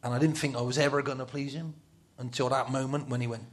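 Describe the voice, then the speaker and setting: On a talk show, a middle-aged man casually tells football stories, laughing often and dropping to a whisper to voice his inner thoughts. His mid-range voice is steady and fast.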